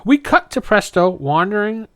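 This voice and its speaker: A man with a fairly high voice chats casually on a podcast, recapping a cartoon episode. He retells it in an animated way and slips briefly into the characters' lines. The recording is dry and close. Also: normal speed, dry recording. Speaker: podcast co-host.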